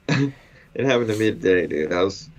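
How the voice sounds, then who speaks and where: A man's voice: on the low side, expressive, measured pace. A man who cleans windows, chatting in a laid-back way on a casual podcast and saying "dude" a lot. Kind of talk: casual chat.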